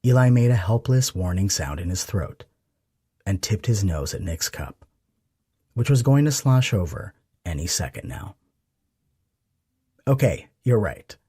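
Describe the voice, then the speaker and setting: Deep husky male audiobook narrator. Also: dark tone, no room sound, clean studio sound. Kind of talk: scripted narration.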